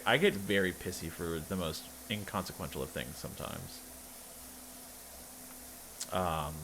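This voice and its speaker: A male streamer tells a rambling personal story on a livestream in casual chat, wry and constantly interrupting himself with restarts. His voice is lowish and a bit bright, with slight background noise.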